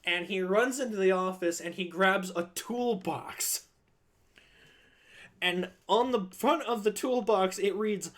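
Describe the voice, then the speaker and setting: Brief: male streamer with a high voice, animated storyteller, swears a lot. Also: takes it slowly.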